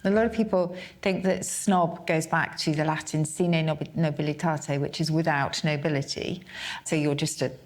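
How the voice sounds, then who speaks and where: Woman, English accent, fairly low voice, podcast co-host, explains word histories, fluent. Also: fairly even intonation, moderate pace. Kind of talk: casual chat, explaining word origins.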